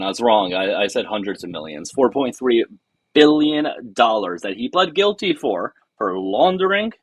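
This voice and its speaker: A man's voice: medium pitch, breathy edge, dry recording, rough recording. A man hosting a casual political livestream, sarcastic and mocking as he talks to his chat. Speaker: livestream host.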